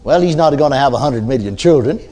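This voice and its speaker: A man's voice: medium pitch, expressive, quick pace, background noise. An older man preaching a sermon in a folksy storytelling way, often adding amens and hallelujahs.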